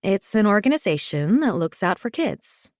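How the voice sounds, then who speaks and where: A woman voicing a calm young mother in an audiobook, explaining things gently. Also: mid-range voice, normal speed, no echo, studio quality, natural voice.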